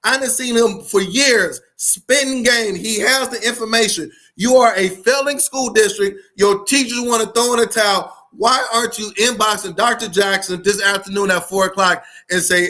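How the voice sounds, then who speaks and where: This man's voice sits high, pushed and bright, holding a steady tone at a moderate pace with few pauses. A podcast host and school leadership speaker, he preaches fierily and repetitively in slang during a live-streamed motivational talk.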